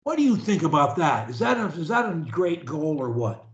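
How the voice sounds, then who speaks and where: A man coaching a stutterer over a video call, preachy and animated, swinging from loud to whispered. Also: on the high side, brisk, roomy sound, highs cut off. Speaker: speech coach.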